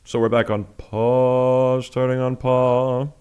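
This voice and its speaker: A man's voice: mid-range voice, little pitch movement, slow pace, a little mellow, smooth. A man teaching chant in a music lesson, explaining step by step with patient, plain talk and sung examples.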